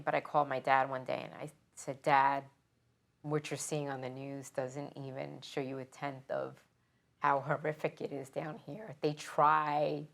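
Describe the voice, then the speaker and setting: Low gravelly woman, firefighter from new york, talks slow and emotional, kinda halting. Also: fairly bright tone. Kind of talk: interview, personal recollection.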